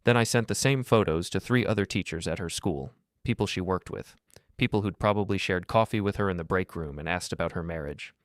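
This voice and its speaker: A middle-aged man narrating a first-person revenge story in a cold, measured, deliberate way. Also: low voice, no echo, studio quality.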